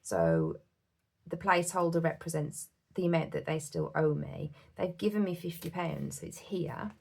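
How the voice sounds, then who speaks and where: Chatty British woman with a low, gravelly voice. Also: expressive, moderate pace, darkish tone. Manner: chatty and heartfelt, many fillers. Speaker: budgeting vlogger. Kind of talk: casual chat to camera.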